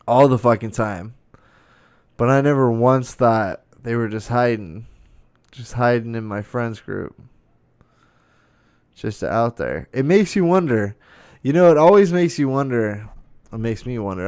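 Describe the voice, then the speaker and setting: A young man ranting on his podcast, profane and incredulous as he vents. His voice is smooth and resonant, and the recording sounds dry and close. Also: mid-range voice, dry recording. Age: young adult. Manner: profane, incredulous, swearing often. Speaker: podcast host. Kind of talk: ranting monologue.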